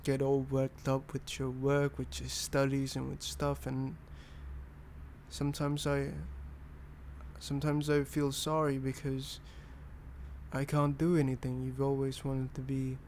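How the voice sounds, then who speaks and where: Brit guy doing a soft hesitant boyfriend, asmr role-play, kinda flat tone, faint hiss behind. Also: mid-range voice, measured pace, close to an everyday voice. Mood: tender. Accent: British. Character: caring young boyfriend, earnest and a bit hesitant.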